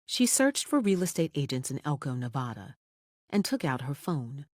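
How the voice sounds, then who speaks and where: An audiobook narrator reading a thriller in a measured, expressive storytelling manner on a close studio mic. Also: mid-range voice, no echo.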